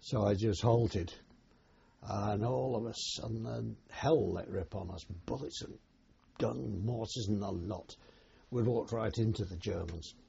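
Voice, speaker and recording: On a dull lo-fi track with a little background noise, a man with a fairly low, warm voice and some vocal fry remembers his time at war. He is older, and his telling is plain and unhurried, broken by hesitations, like an oral-history interview.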